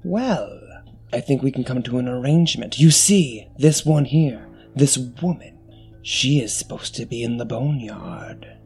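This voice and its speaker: A man voicing a skeletal male death spirit with a scythe, speaking slowly and menacingly. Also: mid-range voice, darkish tone, slightly rough, faint music behind. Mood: ominous. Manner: slow, measured, menacing.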